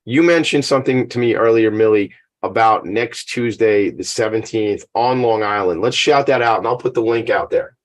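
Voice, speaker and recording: A man's voice: lowish voice, normal speed. A man hosting a casual talk radio show from a home attic studio, chatty and off-the-cuff.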